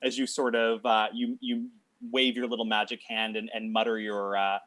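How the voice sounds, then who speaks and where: A man narrating as game master of a tabletop game, talking in a halting way with many fillers and restarts. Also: on the low side, little pitch movement, fairly bright tone, no echo.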